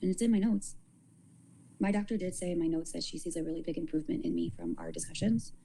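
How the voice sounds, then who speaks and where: Woman livestreamer, casual rambling talk with halting restarts; low voice with a gravelly edge. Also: lively intonation, warm tone, poor audio. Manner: rambling, halting, repeats words.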